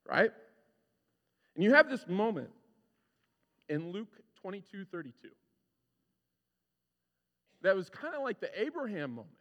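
Guy preaching, high voice jumping all over, big echoey church hall. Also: normal speed, long pauses. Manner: animated, conversational preaching with acted-out quotes. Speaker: pastor. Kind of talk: sermon. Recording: long reverb of a large hall.

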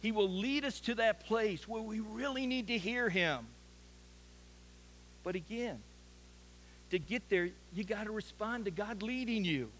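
A man's voice: high-pitched, lively intonation, unhurried, long pauses, a bit bright, slight background noise, low-quality recording. A man preaching an earnest sermon as a pastor, building to emphatic peaks.

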